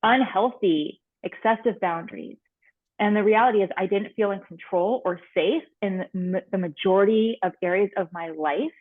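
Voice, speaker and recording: A woman's voice: mid-range voice, normal speed, dry recording. A woman confidence coach candidly telling a personal story in an online workshop over a video call. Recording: tinny phone-like call audio.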